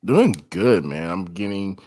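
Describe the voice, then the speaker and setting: Lively low-voiced comedian guest. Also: male voice, measured pace, no echo, clean studio sound. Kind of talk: casual interview chat.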